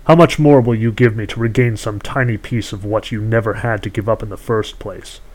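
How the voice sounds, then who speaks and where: A man's voice: fairly low pitch, steady tone, a little fast, lightly acted, rough recording. Man playing a cool, condescending sorceress; haggling storybook villain. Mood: scornful. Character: scheming ageless sorceress woman who trades in stolen youth.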